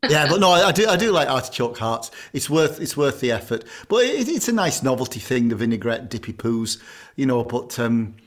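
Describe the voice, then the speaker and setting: A man's voice: mid-range voice, big pitch swings, fairly quick. A man, co-hosting a podcast in casual chat, blunt and jokey with casual swearing. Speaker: podcast co-host, chef.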